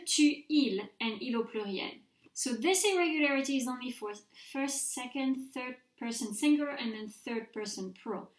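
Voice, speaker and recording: A woman's voice: a little high, echoey room. A woman teaching a recorded French grammar mini-lecture, patiently modelling pronunciation for her students to repeat.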